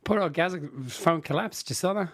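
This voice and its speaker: A man's voice: high voice, a little fast, no echo, studio quality. A man co-hosting a podcast, chatting casually and laughing often as he rambles through his points. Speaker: podcast co-host. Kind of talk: casual chat.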